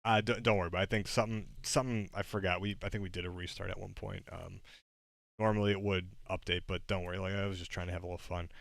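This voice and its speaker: A man's voice: low voice, level tone, quick pace, creaky, no echo. A man hosting a livestream in casual chat, talking hesitantly with many fillers and restarts. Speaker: streamer host.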